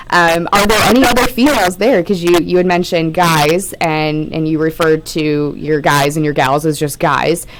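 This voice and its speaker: A woman's voice: lowish voice, slight background noise, poor audio. A woman hosting a radio show, asking questions with frequent restarts and repeated words. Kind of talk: radio interview.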